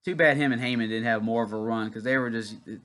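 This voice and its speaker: A fast talker with a steady, mid-range, slightly bright voice, this young man from Louisiana hosts a laid-back wrestling watch-along on YouTube. He chats and rambles, telling a story in between commentary on the match.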